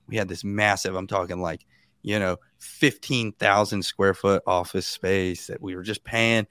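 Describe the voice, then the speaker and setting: A man in his thirties with a fairly low voice tells a story in an animated, casual way and acts out the quotes. The sound is dry and close, with no room echo. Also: smooth. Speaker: guest.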